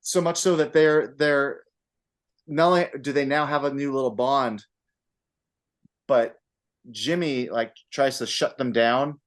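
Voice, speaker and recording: A man on a casual podcast, talking about a movie with animated energy and frequent swearing. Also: medium pitch, measured pace, pauses often. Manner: animated, acts out scenes with put-on voices and laughter; swears freely. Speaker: podcast co-host.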